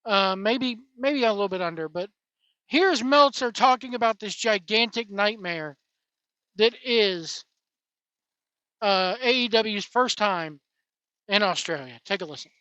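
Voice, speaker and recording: A man's voice: high-pitched, expressive, unhurried, long pauses, sharp tone, no echo, muffled recording. Rambling opinionated male podcast host. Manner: rambling, opinionated, repeats himself. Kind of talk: casual commentary monologue.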